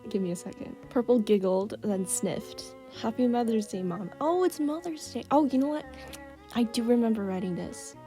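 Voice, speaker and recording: A woman's voice: fairly high pitch, animated, moderate pace, dark tone, soft background music. A young woman casually reading her old fan stories aloud and chatting about them, giggling and reacting as she goes.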